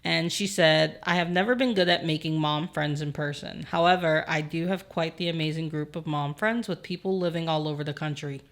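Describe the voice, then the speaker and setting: Animated low-voiced young mom. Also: female voice, fairly quick, hardly any pauses. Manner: animated, swears casually, acts out her toddler in quotes. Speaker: podcast co-host. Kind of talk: casual chat, reading listener comments.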